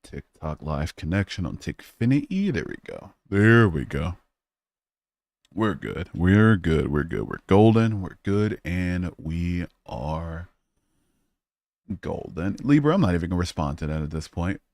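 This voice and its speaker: Male streamer, deep voice, dry close-mic sound, casual and profane chat. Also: very animated, moderate pace, vocal fry, darkish tone, no echo. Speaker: livestream host.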